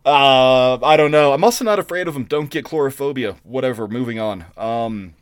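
A man's voice: medium pitch, normal speed, clean tone, no echo, clean studio sound. Profane man telling stories on a podcast. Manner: animated, profane storytelling with restarts. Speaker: podcast co-host. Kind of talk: casual chat.

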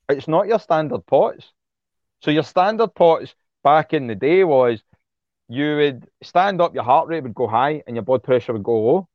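Heated and blunt, a man with a slightly high voice speaks as an interview guest, swearing liberally and repeating himself as he gets worked up. The casual, impassioned talk is captured lo-fi, with no echo.

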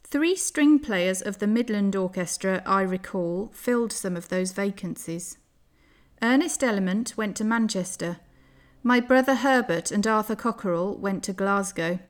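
A woman reading a first-person memoir aloud in a measured, careful way. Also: medium pitch.

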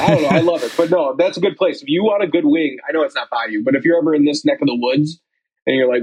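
A man's voice: fairly high pitch, racing, darkish tone, slightly rough, rough recording. A young man co-hosting a casual chat, telling loose, rambling stories full of fillers. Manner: rambling storyteller, lots of likes and ums. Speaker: podcast co-host.

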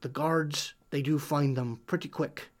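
A man voicing a nervous, kindly tavern local who stammers and talks in a folksy way, sometimes dropping to a hush. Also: fairly high pitch, fairly even intonation, measured pace, close to an everyday voice. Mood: wary.

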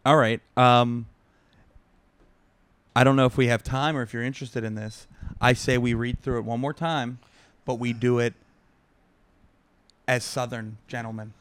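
Podcast guy, smooth voice, kinda halting, dry mic. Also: medium pitch, steady tone, dry recording. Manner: halting, searching for words. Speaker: podcast co-host. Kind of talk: casual comedy podcast chat.

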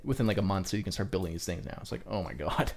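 A man's voice: sits low, racing, gravelly, darkish tone. A young man co-hosting a podcast, chatting casually and rambling with lots of fillers and casual swearing. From Canada. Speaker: podcast co-host. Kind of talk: casual chat.

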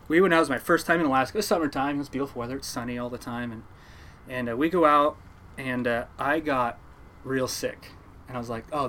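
A man's voice: medium pitch, a bit bright, slight background noise. A man, a fisherman, telling a rambling story in a casual interview, with frequent restarts and fillers.

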